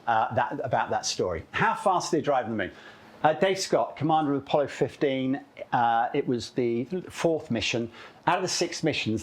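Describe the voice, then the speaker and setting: Man, animated storyteller, lively pitch swings, live talk, chatty. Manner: animated, chatty, self-interrupting, often asks "okay?". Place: club event room, live audience.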